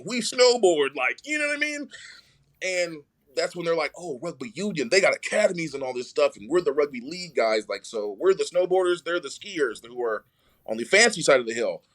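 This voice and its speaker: Guy telling a story on a podcast, really animated, does the voices of people he's quoting. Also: fairly high pitch. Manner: animated, acts out quoted voices. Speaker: podcast guest. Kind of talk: storytelling in casual conversation.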